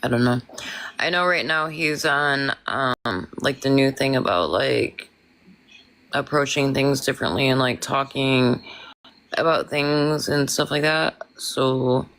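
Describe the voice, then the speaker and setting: Rambling woman with a gravelly voice. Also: very deep voice, takes it slowly, a bit bright, rough recording. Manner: rambling, emphatic, swears often. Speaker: guest on a livestream. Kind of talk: casual livestream chat.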